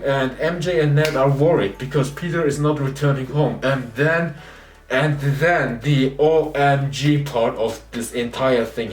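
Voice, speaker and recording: An excited man retells a film plot in a loose, casual review. He sits back from the mic in a roomy, echoey space, with faint music playing underneath. His voice is mid-pitched, and it dips low and quiet whenever he quotes a character. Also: recorded from a distance. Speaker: movie reviewer. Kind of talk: casual spoilery movie recap.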